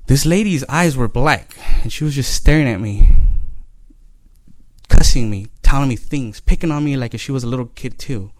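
A man giving a personal testimony about his past, speaking earnestly and haltingly, with frequent pauses and fillers. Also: medium pitch, expressive, a little mellow, no echo. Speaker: storyteller sharing his life story.

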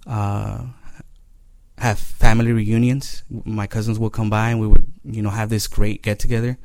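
Earnest low-voiced man telling his story. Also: little pitch movement, darkish tone, no room sound. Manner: earnest, halting, many pauses and fillers. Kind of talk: personal testimony.

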